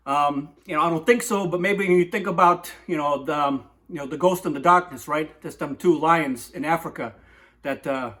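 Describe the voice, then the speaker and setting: Rambling man with a slightly high voice. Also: a bit bright. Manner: rambling, digressive, lots of "right?". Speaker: comic poetry host. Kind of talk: rambling comic monologue.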